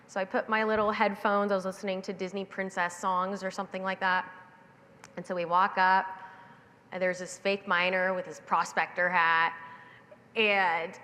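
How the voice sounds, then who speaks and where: Woman keynote speaker, animated storyteller, mid pitch, live hall with long reverb. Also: moderate pace. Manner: animated, acting out the voices in her anecdote. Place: stage in a large event hall.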